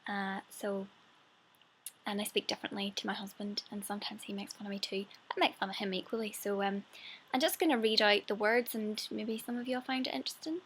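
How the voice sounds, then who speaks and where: A woman's voice: medium pitch, steady tone, fairly quick, fairly bright tone, slight background noise, rough recording. A young woman from Coleraine with a Northern Irish accent, chatting casually and reading out a word list for an accent-tag vlog. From Northern Ireland. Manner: chatty, self-deprecating, drops her T's. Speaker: vlogger.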